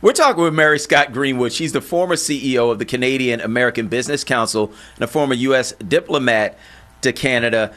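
A man's voice: mid-range voice, fast, fairly bright tone. A man hosting an interview, asking questions in a friendly, amused way. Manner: friendly, amused, short backchannel replies. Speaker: interviewer, host.

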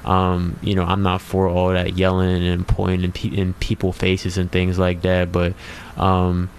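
A man's voice: deep voice, completely flat delivery, measured pace, slight background noise. A laid-back man chatting on a radio talk show, hesitant and full of fillers. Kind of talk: casual talk show chat.

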